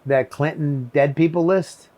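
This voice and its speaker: A man's voice: a little high, fairly even intonation, measured pace, darkish tone. Emphatic, profane man in casual chat. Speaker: comedian co-host. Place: small shed.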